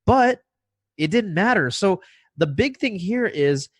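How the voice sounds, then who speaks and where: A man's voice: high-pitched, animated, a little slow, dry recording. A man co-hosting a podcast, making an argumentative case and explaining his points directly to the listeners. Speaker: podcast co-host. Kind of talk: conversational podcast commentary.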